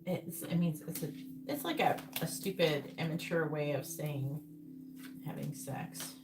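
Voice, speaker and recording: A woman's voice: deep voice, measured pace. A woman giving a live tarot reading, calling out cards in a murmur and breaking into incredulous asides. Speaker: psychic tarot reader. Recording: loud background noise.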